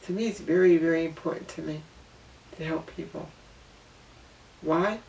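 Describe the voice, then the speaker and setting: A man's voice: on the high side, moderate pace, gravelly, darkish tone, slight background noise. A man giving an earnest, emotional personal monologue as a vlogger, often repeating himself and apologizing. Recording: voice distant from the mic.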